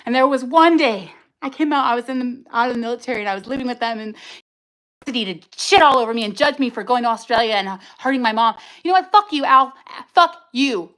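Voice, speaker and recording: On a rough recording, a livestream host with a somewhat high, slightly bright voice talks at a quick pace. Her personal testimony is emotional, angry and raw, delivered in bursts with cursing.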